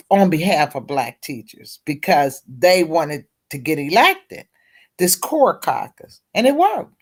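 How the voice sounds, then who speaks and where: A middle-aged woman, a teacher advocate and guest at a round table discussion, telling her story bluntly and candidly. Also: on the low side.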